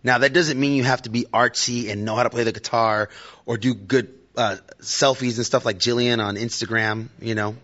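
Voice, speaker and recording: A man's voice: medium pitch, fairly even intonation, moderate pace, fairly bright tone, highs cut off. A man giving a casual, conversational sermon to his church and joking with the audience. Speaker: lay preacher. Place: church hall.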